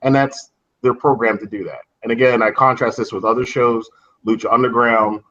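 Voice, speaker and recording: A man's voice: mid-range voice, steady tone, moderate pace, fairly bright tone. A man co-hosting a casual wrestling podcast, giving blunt opinions. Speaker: podcast co-host. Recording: dull lo-fi sound.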